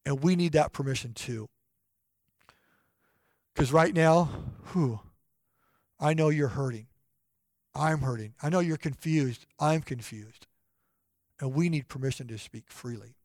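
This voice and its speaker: A middle-aged man preaching a sermon in an earnest voice, often dropping to a soft, hushed tone for personal stories. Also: mid-range voice, a little slow, long pauses, dry recording, studio quality. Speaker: pastor.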